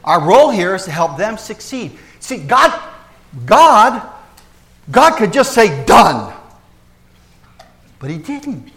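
Animated pastor with a high-set voice. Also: male voice, slow, vocal fry, long pauses. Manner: animated, swinging between loud emphasis and soft hushed asides; folksy and joking with the congregation. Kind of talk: sermon. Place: church.

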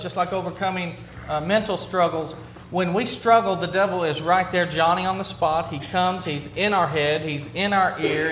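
A man with a fairly high voice preaches a sermon in a roomy, echoing space. He sinks to a hushed, quiet tone on the weighty words before building back up, and a faint hum sits behind him. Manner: drops to a hushed low voice on key words, then builds up. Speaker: pastor. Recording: roomy, echoey hall.

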